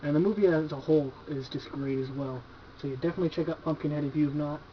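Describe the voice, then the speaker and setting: Fast-talking and slightly high-voiced, a man casually reviews horror movies from his collection at home. He's relaxed and enthusiastic, swearing freely and filling the gaps with "like" and "you know." The dull, lo-fi home video recording has a noisy background.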